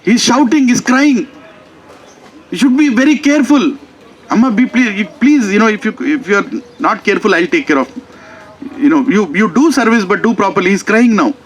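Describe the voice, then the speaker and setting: A woman's voice: lively intonation, very fast, few pauses, lightly acted. A man with an Indian English accent voicing an elderly devout mother who is distraught and scolding, in a sermon story. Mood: frantic scolding. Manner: shrill, frantic pleading.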